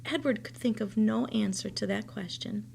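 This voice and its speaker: A woman teacher reading a children's novel aloud, telling the story in a steady, expressive way. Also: medium pitch, normal speed, gravelly, slight background noise.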